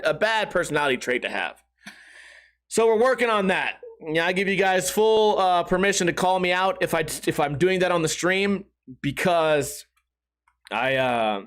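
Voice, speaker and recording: A man's voice: sits high, a bit bright. A man hosting a podcast, talking in a profane, rambling, self-mocking way. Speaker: podcast host. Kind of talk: casual podcast monologue.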